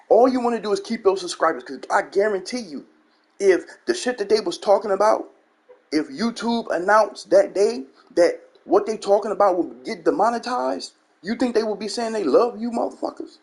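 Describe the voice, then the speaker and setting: A man's voice: high voice, animated, normal speed, darkish tone, breathy edge. A man hosting his gaming channel, ranting bluntly and profanely in a commentary monologue and repeating his catchphrases. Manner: blunt, profane, repeats "you know what I'm saying".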